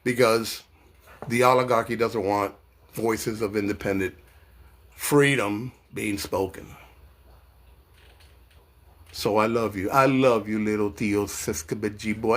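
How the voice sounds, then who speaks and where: A man from New York delivering an impassioned, profane political rant. He swings between loud outbursts and low, slow asides. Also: steady tone. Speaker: political commentator.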